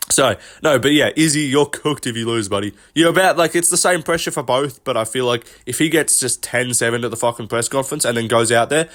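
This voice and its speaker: A man's voice: mid-range voice, fairly bright tone. A man giving casual solo commentary on fights, blunt and profane in his banter. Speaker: MMA commentator.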